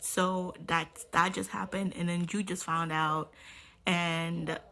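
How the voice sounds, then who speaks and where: A woman's voice: on the low side, flat delivery, slow, pushed and bright. A young woman talking casually about a book she is reading, slangy and swearing freely as she rants. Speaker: book reviewer. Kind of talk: casual book review vlog.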